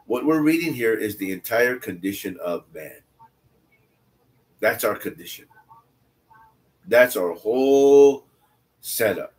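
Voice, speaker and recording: Reading scripture with casual commentary, this Bible study teacher takes it slowly, leaving long pauses, his fairly low voice lively in intonation. He keeps interrupting with blunt, chatty asides, repeating phrases to drive points home.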